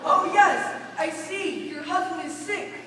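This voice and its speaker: A woman's voice: very high voice, slow pace, a loud crowd. A young woman acting an exasperated, patronizing male bank manager in a stage play, with stiff, curt delivery. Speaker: student actor. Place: school auditorium stage. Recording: echoey hall, distant mic, hiss.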